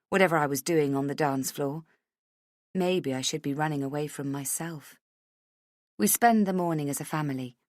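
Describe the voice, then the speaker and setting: A woman's voice: lowish voice, no echo, clean studio sound. A woman narrating a first-person thriller audiobook in an intimate, inward way.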